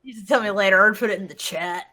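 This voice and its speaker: A woman who is a player in a tabletop game group, giggling and excitable in casual banter. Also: mid-range voice, quick pace.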